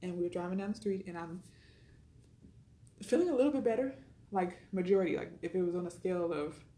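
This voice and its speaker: Fast-talking woman, echoey room. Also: lowish voice, mellow. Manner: chatty, retells dialogue, frequent fillers. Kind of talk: personal storytelling.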